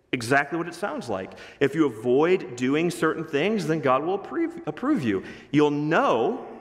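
A man preaching a sermon as pastor to his congregation, emphatic and swinging his pace for emphasis. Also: a little high. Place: church sanctuary. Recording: reverberant hall.

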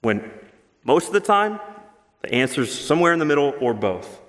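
A male pastor preaching a sermon, earnest and emphatic, rushing through asides and slowing down to stress key words. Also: a little high, sing-song, a bit bright. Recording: long hall reverb.

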